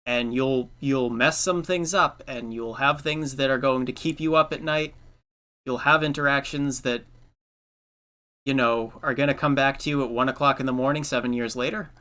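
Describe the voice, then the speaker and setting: A man's voice: mid-range voice, fairly even intonation, moderate pace, bright, forceful tone. A young man hosting a casual podcast chat, giving earnest advice with lots of filler words. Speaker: podcast host.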